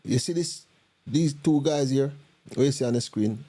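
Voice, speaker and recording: A man with a Jamaican accent reacting to video clips in casual commentary, talking in animated, repetitive patois with many restarts. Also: medium pitch, normal speed, breathy edge.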